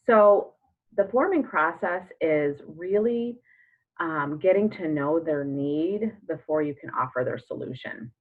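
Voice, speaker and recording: A woman in her thirties coaching in a chatty way, full of fillers and acted-out sample chats. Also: deep voice. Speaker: network marketing coach. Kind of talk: casual coaching talk. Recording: phone-like narrow sound.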